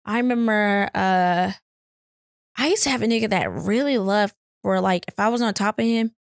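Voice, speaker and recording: A woman's voice: medium pitch, normal speed, vocal fry, no echo, studio quality. Candid young woman podcast co-host. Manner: candid, repeats herself, slangy. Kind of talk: casual chat.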